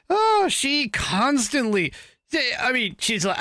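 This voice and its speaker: Male podcast host, unhurried but lively, bright tone, dry close mic. Exasperated opinion delivery. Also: very high voice, no echo. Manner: animated, laughing, exasperated. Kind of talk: opinionated commentary.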